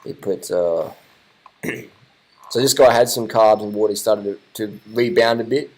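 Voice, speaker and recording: Brief: lower-voiced guy, loose off-the-cuff video commentary, excitable and repetitive, casual swearing. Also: a little slow, rough recording. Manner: excitable, rambling, swears casually, repeats himself. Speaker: vlogger commenting on race footage.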